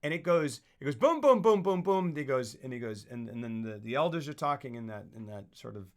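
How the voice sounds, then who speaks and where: Animated man acting out film scenes. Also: mid-range voice, brisk. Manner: animated, acts out scenes with exaggerated voices and sound effects. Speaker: podcast co-host. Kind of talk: excited film discussion.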